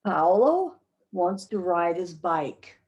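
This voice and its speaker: A woman's voice: fairly low pitch, very animated, slow, a little mellow, highs cut off. A woman teaching an English pronunciation lesson to a class, carefully modeling short sentences for learners to repeat.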